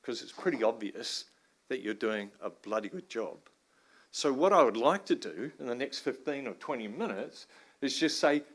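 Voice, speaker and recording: A man's voice: mid-range voice, lively intonation, moderate pace. Joking Australian-accented man giving a talk. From New Zealand. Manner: joking, informal, swears mildly, bursts into laughing loud asides. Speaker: guest speaker, river science professor. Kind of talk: conference talk. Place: large conference room.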